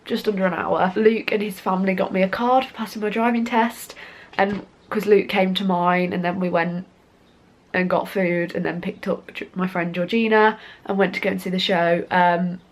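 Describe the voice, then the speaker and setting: A young woman talks straight into a compact camera held close, chatty and rambling. Her voice sits at a middling pitch, casual and easygoing, with frequent laughs. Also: fairly even intonation, normal speed. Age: young adult. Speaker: vlogger. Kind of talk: casual vlog talk to camera.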